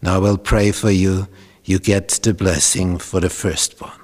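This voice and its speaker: A man's voice: low voice, flat delivery, unhurried, darkish tone, in a large hall. A man voicing a blind elderly father who questions doubtfully who stands before him. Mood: suspicious. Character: blind old father Isaac, suspicious.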